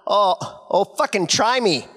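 A man's voice: high-pitched, animated, a little slow, a bit bright, voice pushed up, full character voice. Brief: man doing an impression of a rowdy, swearing Canadian woman, pushy. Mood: brash. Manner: brash and threatening. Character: loud, foul-mouthed, tough Canadian woman.

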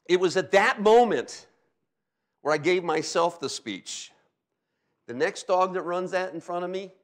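A middle-aged man from Delaware preaching a sermon as a pastor, telling stories with sound effects and frequent "okay?" asides. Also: mid-range voice. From Delaware, USA.

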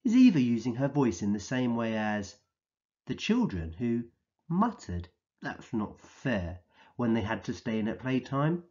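A man teaching a recorded vocabulary lesson for young children, speaking slowly and clearly in an encouraging way and acting out the words he defines. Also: mid-range voice, very animated, warm tone, highs cut off. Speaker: early years teacher.

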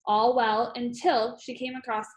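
Brief: woman storybook narrator, fairly high pitch, steady reading. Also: a little slow. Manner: steady reading with some slips and fillers. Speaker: audiobook reader.

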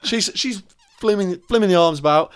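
A man's voice: high voice, normal speed, clean tone. A young man co-hosting a podcast, telling a story in casual, slangy chat with lots of laughter. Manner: animated, laughing, slangy, acts out voices. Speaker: podcast co-host.

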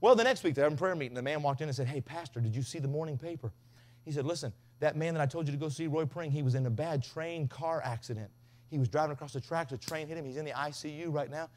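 A man's voice: on the high side, fast. A man preaching a revival sermon, telling stories in a folksy way and acting out the voices of the people in them. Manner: folksy storyteller, mimics voices, builds to shouting. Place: revival tent.

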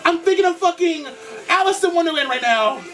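A young man doing excited reaction commentary, gushing, campy and full of swearing, gasps and shrieks. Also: very high-pitched, brisk, distant mic. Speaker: YouTube reactor. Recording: music video playing loudly behind. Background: pop music.

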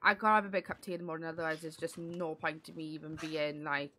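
A woman streaming a game early in the morning, chatting to viewers in a croaky, sleepy voice and laughing loudly. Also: sits low, fairly even intonation, fast, a little hiss or hum. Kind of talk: casual chat while gaming live.

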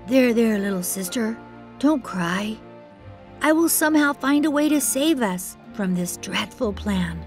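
A woman voicing a brave young boy in a storybook reading, calmly comforting his little sister. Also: fairly high pitch, measured pace, faint music behind, pitched above the performer's own voice. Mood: reassuring. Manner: soothing and reassuring.

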